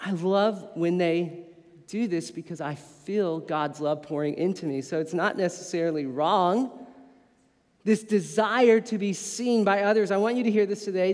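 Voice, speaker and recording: A man in his thirties preaching a sermon as pastor, telling stories in a lively way and poking fun at himself. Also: sits high. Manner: animated storytelling with playful self-mockery. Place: church sanctuary. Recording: long reverb of a church hall.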